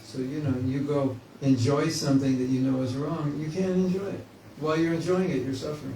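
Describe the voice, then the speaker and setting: A man's voice: a little high, steady tone, brisk, warm tone, recorded from a distance. A man giving a spiritual class in a conversational, joking way, often acting out inner voices. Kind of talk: informal spiritual class talk. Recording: echoey room, mic from afar, faint hiss.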